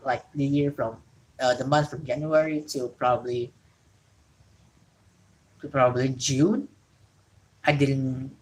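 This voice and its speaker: A woman's voice: rumbling low, low-quality recording. A woman from Indonesia, an English speaker, hosting a casual solo wrestling talk show from home and rambling with frequent self-corrections. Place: home during rain.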